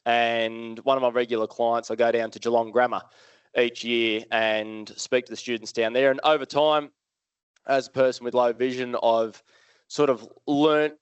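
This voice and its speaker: A man with an Australian accent giving a live keynote talk, telling stories in a lively, conversational way and putting questions to the audience. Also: medium pitch, clean tone, dry recording. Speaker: motivational speaker. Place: live event hall with audience.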